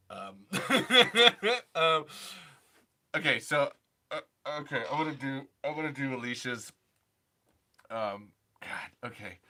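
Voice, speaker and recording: A man's voice: mid-range voice, sing-song, slow pace, long pauses, sharp tone. A man hosting a casual livestream chat. He is giggly and rambling and often breaks off mid-sentence. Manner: giggly, rambling, self-interrupting. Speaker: host.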